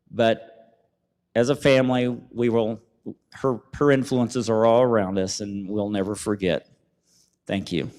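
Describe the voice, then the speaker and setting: A man giving a halting, emotional eulogy at a memorial service, reading letters from family. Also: lowish voice, steady tone, darkish tone. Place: event venue, livestreamed. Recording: long reverb of a hall.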